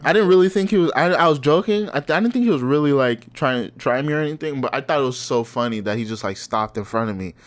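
A man in his twenties chatting casually, telling stories in a laid-back way, swearing freely and laughing often. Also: mid-range voice. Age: 20s. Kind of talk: casual chat.

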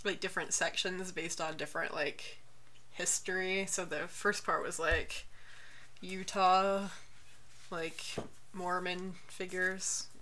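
Female podcast co-host, easygoing and halting, low pitch with a bright edge. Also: slight background noise. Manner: relaxed, hesitant, many fillers. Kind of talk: casual chat.

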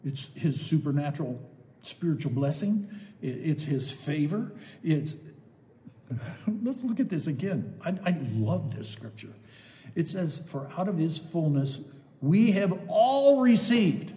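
Older man preaching, with a bright voice. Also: a little high, sing-song, measured pace, long reverb tail. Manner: emphatic, swings between loud rising exclamations and soft asides. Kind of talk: sermon.

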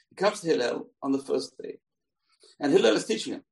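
A man with a raised, gravelly voice tells a Talmud story as a lesson, swinging his pitch up and down as he acts out each character. He sounds a little distant from the microphone. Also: quick pace. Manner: animated, acts out the characters' lines. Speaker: Torah teacher.

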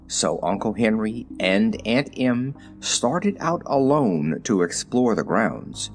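Expressive male storybook narrator. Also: mid-range voice. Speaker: audiobook narrator.

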